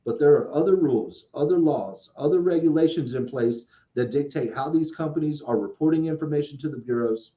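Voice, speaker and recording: A man talks through credit repair in an easy podcast chat, his voice sitting a little high for a man. He often restarts phrases and repeats words as he builds his point. The sound is dull and lo-fi, with a roomy echo around him. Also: fairly quick, hardly any pauses. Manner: explanatory, restarts and repeats words, acts out quoted exchanges.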